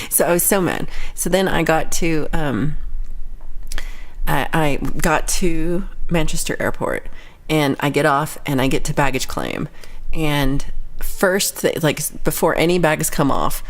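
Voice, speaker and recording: A young woman hosting a casual livestream chat, telling a story with lively quoted voices and laughs. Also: low voice, measured pace. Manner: animated storytelling, acting out quoted people, frequent laughs. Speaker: livestream host.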